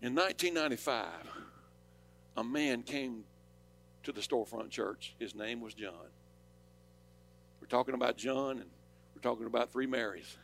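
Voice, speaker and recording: A man with a Southern accent preaching a sermon, rising to loud, urgent declarations and dropping to quiet storytelling. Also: medium pitch, moderate pace, creaky, long pauses. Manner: impassioned, swings from loud preaching to soft storytelling. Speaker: pastor.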